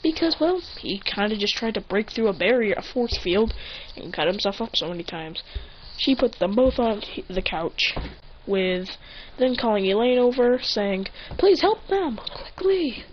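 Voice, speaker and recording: A woman's voice: mid-range voice, normal speed, a little hiss or hum. A young-sounding woman rambling through an improvised fan story, often correcting herself mid-sentence, on a lo-fi recording. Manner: rambling, restarts, self-corrections.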